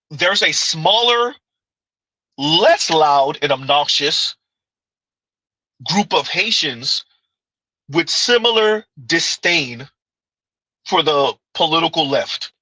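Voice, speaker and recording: A man's voice: on the high side, animated, slow, pauses often, sharp tone, no room sound, rough recording. A man giving casual livestream commentary, arguing his point with pointed rhetorical questions and reading chat comments aloud.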